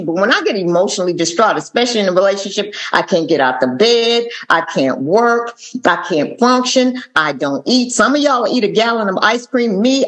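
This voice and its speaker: A woman from Atlanta, sharing her recovery story at a meeting with animated, sassy asides. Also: on the low side. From Atlanta, Georgia. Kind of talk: personal testimony talk.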